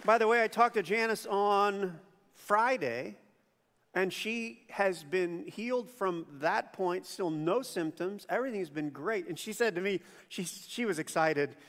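A man preaching a sermon as pastor, conversational and animated, acting out quotes as he tells stories. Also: high voice, measured pace, in a large hall. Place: church auditorium.

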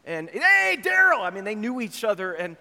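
A man preaching a sermon, telling an animated story and voicing its characters. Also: high-pitched, brisk, long reverb tail. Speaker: pastor.

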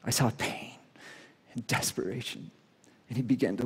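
A male pastor delivers a sermon in an earnest storytelling voice of middling pitch. He drops to a near hush for the solemn moments. His voice rings with the long reverb of a church hall. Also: normal speed, long pauses, breathy edge.

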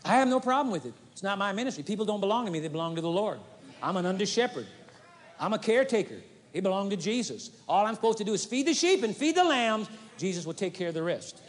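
A high-pitched male preacher delivers a folksy, animated sermon, acting out little scenes. The 1980s live recording from a large arena carries a long, lingering reverb. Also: fast.

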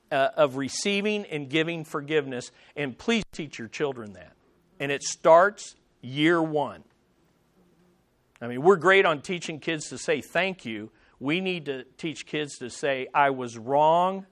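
A male pastor delivering a sermon with a high, lively voice that swings widely in pitch. He preaches with animation and pushes some phrases close to a shout. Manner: animated preaching, rising to near shouts for emphasis.

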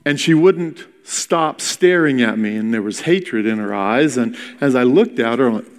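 A middle-aged male pastor tells a story from the pulpit, animated and acting out each exchange. His voice sits at an ordinary pitch for a man. A long reverb fills the big hall around him. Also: normal speed. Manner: animated storyteller, acting out dialogue, swings from loud to hushed. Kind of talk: sermon storytelling.

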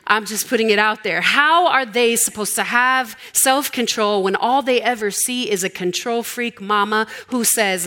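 Bright-sounding lady preacher, tells her sermon like a story, jokes in between. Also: a little high, normal speed, few pauses. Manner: conversational storytelling with humor.

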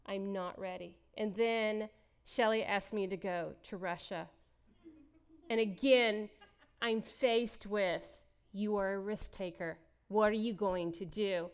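A woman's voice: mid-range voice, steady tone, slow, clear, resonant tone. A middle-aged woman giving a candid, emotional personal testimony as a church speaker, laughing often as she talks.

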